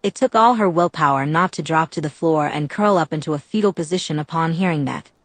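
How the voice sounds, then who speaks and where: A woman narrating a fan-fiction audiobook in a steady, even reading. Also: sits low, brisk, dry recording.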